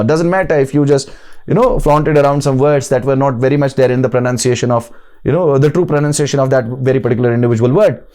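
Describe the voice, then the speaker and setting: A young man talking fast and with conviction, his voice sitting a little high for a man. He gives earnest advice in a relaxed interview and drops in the odd Hindi phrase. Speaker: guest speaker.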